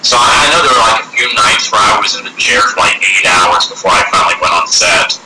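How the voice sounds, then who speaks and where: A man's voice: deep voice, fast talker. A man being interviewed as an actor, chatting casually and acting out voices as he tells stories, laughing often. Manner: animated storyteller, acts out voices, laughs often. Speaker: actor guest. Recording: echoey room, loud background noise.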